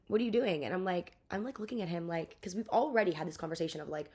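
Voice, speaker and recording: A woman's voice: lowish voice, breathy edge. A young woman in her twenties telling a casual storytime rant, chatty and profane, dropping into mock voices. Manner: fast, chatty, swears a lot, lively mock voices. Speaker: vlogger.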